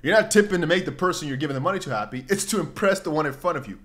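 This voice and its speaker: Animated young man chatting on a livestream. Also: a little high, racing, background noise. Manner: animated, rambling, jumps into mock voices and exclamations. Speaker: crypto livestream host. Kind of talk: casual livestream chat, reading viewer comments.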